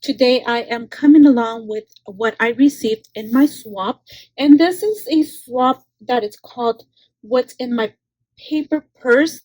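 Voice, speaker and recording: A woman's voice: a little high, darkish tone, no room sound, low-quality recording. A woman hosting her craft channel, chatting casually while unboxing a swap, gushing with frequent exclamations and stumbling over words.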